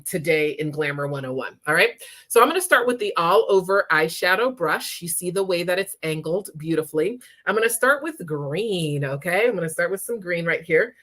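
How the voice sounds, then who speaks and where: A woman's voice: fairly low pitch, a bit bright. A woman demonstrating makeup in a live tutorial, talking chattily and often checking in with her viewers. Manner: chatty, checks in with frequent "okay?".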